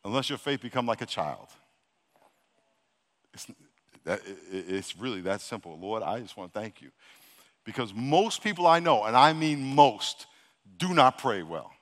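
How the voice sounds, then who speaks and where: A male pastor preaching a sermon to his congregation, talking directly and repeating himself as he urges them to pray loud. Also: medium pitch, expressive, measured pace, pauses often. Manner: exhorting, repeats himself, Southern-leaning casual speech; calls the congregation to loud prayer. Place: large church hall. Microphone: handheld or stage microphone. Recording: long hall reverb.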